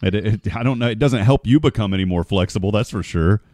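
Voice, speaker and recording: A man's voice: on the low side, quick pace, darkish tone, no room sound. A man hosting a morning radio show, chatting in a folksy, joking way and calling people "brother" and "man". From United States. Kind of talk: casual radio chat.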